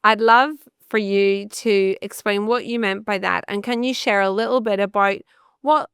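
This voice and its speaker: A woman's voice: mid-range voice, fairly even intonation, moderate pace, a bit bright, clean tone, no room sound, studio quality. A woman hosting an interview, putting a friendly question to her guest. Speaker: podcast host.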